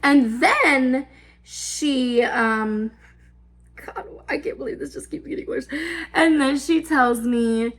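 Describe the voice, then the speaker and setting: A woman's voice: sits high, slow, a bit bright. A woman in her twenties telling a storytime vlog, rambling and filler-heavy, swearing freely. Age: 20s. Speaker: vlogger. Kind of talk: casual storytime.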